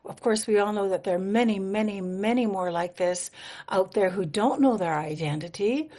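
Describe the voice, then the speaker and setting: A woman's voice: mid-range voice, normal speed, warm tone. A woman from Manitoba, Canada, a singer-songwriter guest speaking in a radio interview, telling stories in an earnest, reflective way and laughing easily.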